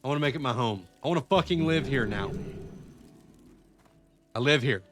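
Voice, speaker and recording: A man chatting casually to viewers while streaming a game, swearing a lot and swinging between excitement and frustration. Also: mid-range voice, moderate pace, noisy background. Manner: profane, excitable, talks to chat. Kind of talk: live-stream gameplay chat.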